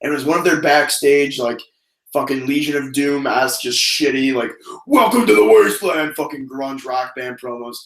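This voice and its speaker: Heard in a rough recording with an echoey room, this man talks at a normal speed in a medium-pitched voice. Co-hosting a wrestling review podcast, he speaks casually with lots of profanity. His animated delivery includes mocking voices.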